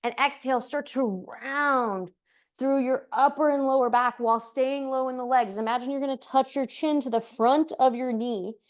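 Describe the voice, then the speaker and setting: A woman's voice: high-pitched, moderate pace. A woman teaching a yoga class, calling poses in time with the breath and slipping in chatty asides; she is out of breath from moving. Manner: breath-paced cues, chatty asides with light laughs. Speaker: yoga instructor. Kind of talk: cueing a live yoga class.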